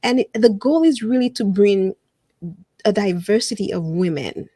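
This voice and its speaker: A woman in casual interview chat, animated and quick to laugh. She slips into other people's voices as she retells what they said. Her voice sits at a middle pitch and is recorded close and dry, with no room around it. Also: dry recording. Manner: animated storyteller who acts out quotes and laughs often. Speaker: podcast guest and fellow podcast host.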